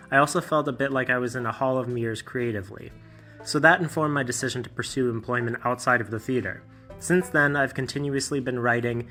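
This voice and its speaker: A man, a playwright, reflecting calmly on his career in measured interview remarks. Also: mid-range voice.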